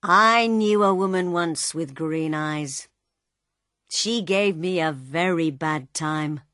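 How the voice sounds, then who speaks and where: A woman doing a calm worldly man. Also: deep voice, dry recording, studio quality. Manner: calm, unhurried.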